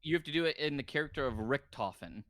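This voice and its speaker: A man with a mid-range voice runs a tabletop game. He talks casually and briskly while directing the players. The recording is close and dry. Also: medium pitch, animated, a bit bright, no room sound. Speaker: game master.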